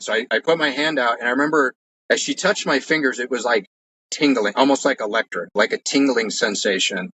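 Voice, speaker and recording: Bright-voiced man telling a story. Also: medium pitch, brisk, a little hiss or hum, low-quality recording. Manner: rambling, with frequent "like" and restarts; earnest. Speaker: guest recounting personal experiences. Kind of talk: casual storytelling.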